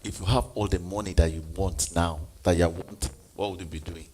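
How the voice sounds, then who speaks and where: A man's voice: deep voice, steady tone, fairly quick, mellow, a little hiss or hum. A man giving a motivational sermon, speaking emphatically and questioning the audience.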